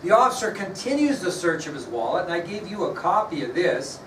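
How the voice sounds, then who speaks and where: A history teacher lectures his class in a relaxed, conversational style, frequently checking that students are keeping up. His voice is a bit high for a man and fairly quick. He's picked up from a distance across an echoey room, with faint noise underneath.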